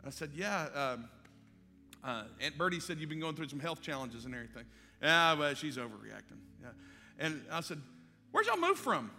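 Male pastor, lively storyteller, slightly high voice, live hall reverb. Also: moderate pace, gravelly. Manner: animated storyteller acting out dialogue. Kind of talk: sermon storytelling. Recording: live hall with long reverb and faint music.

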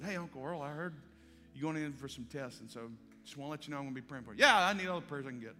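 Male pastor, lively storyteller, slightly high voice, live hall reverb. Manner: animated storyteller acting out dialogue. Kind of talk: sermon storytelling. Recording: live hall with long reverb and faint music.

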